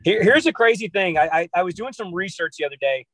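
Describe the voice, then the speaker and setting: American guy in his 30s, kinda high voice, chatty storyteller, dry sound from a car. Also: fast, dry recording, low-quality recording. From United States. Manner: lively storyteller who acts out quotes. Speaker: guest, basketball trainer. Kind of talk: casual podcast interview. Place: inside a car.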